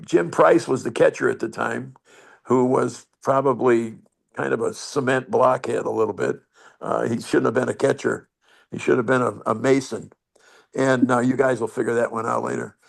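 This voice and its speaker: A man's voice: medium pitch, vocal fry. An older man telling rambling, salty stories as a guest on a video call. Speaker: guest storyteller. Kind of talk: anecdote over video call.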